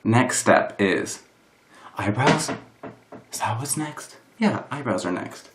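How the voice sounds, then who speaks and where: A man's voice: mid-range voice, lively intonation, slow pace, noisy background. Self-mocking young man, roomy echo. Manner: self-deprecating, rambling, full of "like". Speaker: vlogger. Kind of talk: casual makeup tutorial chat. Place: room at home. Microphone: camera propped on a box. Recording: roomy echo of a home room.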